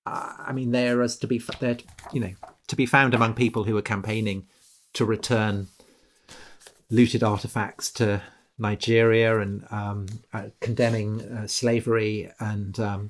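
A man co-hosting a history talk, halting and repeating words before reading quotations with emphasis. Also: lowish voice, little pitch movement, slight background noise. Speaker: podcast co-host. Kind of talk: conversational history chat.

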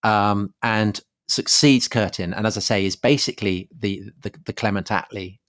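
A man co-hosting a casual history podcast, halting and full of fillers. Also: fairly low pitch, a bit bright, dry recording, studio quality. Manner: halting, filler-heavy, quick agreements. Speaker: podcast co-host.

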